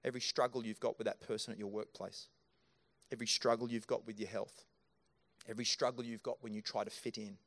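Holding a microphone in a church auditorium, a pastor preaches a sermon alongside live scripture staging. His voice is lowish, steady, slightly bright, and a touch fast, and he addresses the congregation with earnest directness.

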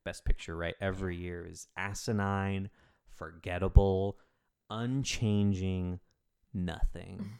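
A man's voice: deep voice, fairly even intonation, slow, vocal fry, darkish tone, smooth. A man co-hosting a film podcast in casual chat, wry and emphatic, swearing for effect. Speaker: podcast co-host and film critic.

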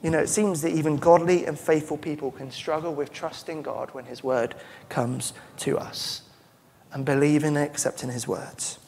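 A man's voice: on the high side, fairly even intonation, moderate pace, gravelly, a little mellow, breathy edge. A man preaching a sermon as pastor, earnest and emphatic, often restarting his phrases. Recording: long church-hall reverb.

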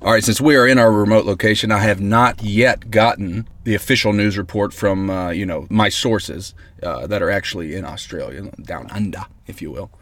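Excitable rambling male comedy host. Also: lowish voice, normal speed, hardly any pauses. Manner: excitable, rambling, mock-earnest. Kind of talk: comedic mock radio broadcast. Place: inside a car. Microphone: close mic in a parked vehicle.

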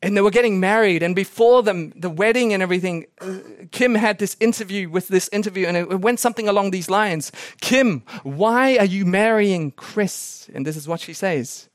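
A man preaching a sermon as a pastor, telling animated stories with chuckling asides. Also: high voice, quick pace, few pauses, no echo, clean studio sound. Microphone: podcast recording.

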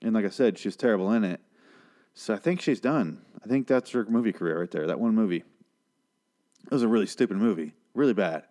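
A man's voice: on the low side, a little fast, warm tone. A man giving a rambling, casual recap of a TV episode, swearing often and adding sarcastic asides. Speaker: show recapper.

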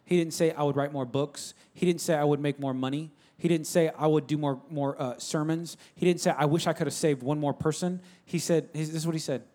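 A man's voice: on the high side, fairly even intonation, a little fast, few pauses, darkish tone. A man preaching a sermon in a conversational, emphatic style, repeating phrases and calling out to the congregation. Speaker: pastor.

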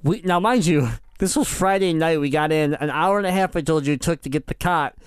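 A man co-hosting a casual podcast, his voice a touch high and smooth. He tells travel stories excitedly and laughs often, recorded dry and close. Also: fairly quick, no room sound. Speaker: podcast co-host. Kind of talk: casual chat.

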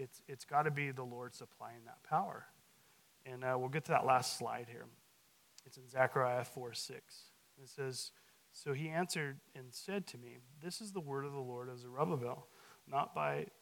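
A man's voice: medium pitch, gravelly, a bit bright, rough recording. A man giving a conversational sermon as a guest teacher, reading scripture with added emphasis, full of restarts and fillers. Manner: casual, halting, with frequent restarts and fillers; adds emphasis to scripture and acts out quotes.

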